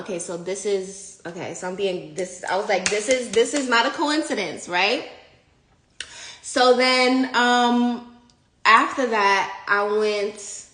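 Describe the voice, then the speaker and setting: Woman vlogging, lively chatty storytelling, talks right to y'all, kinda echoey room. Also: medium pitch. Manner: animated, chatty, addresses viewers as y'all. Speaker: spiritual content creator. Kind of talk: casual storytelling vlog. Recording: roomy echo.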